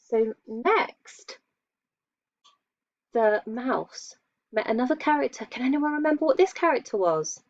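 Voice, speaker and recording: A woman's voice: medium pitch, a little mellow, no echo. A woman teaching young children in a patient lesson, asking them questions and praising them while she draws. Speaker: primary school teacher. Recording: dull lo-fi dry sound.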